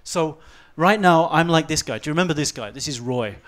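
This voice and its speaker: Animated man giving a stage talk. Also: fairly high pitch, fairly quick. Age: 40s. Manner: animated, swings from quiet asides to loud outbursts. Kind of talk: fast-paced humorous presentation. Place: event stage before a live audience.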